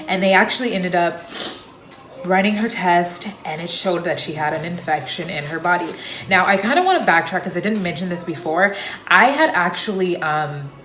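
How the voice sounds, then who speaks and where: A woman's voice: lowish voice, a bit bright. A young woman talking casually to camera as a vlogger, telling a personal story in a chatty, loose way with lots of fillers. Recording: echoey room.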